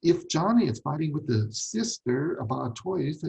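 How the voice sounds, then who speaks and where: A man's voice: a little high, very animated, moderate pace, gravelly, a little mellow, slightly rough, rough recording. A man teaching a ministry class on parenting, emphatic, repeating key points and asking rhetorical questions.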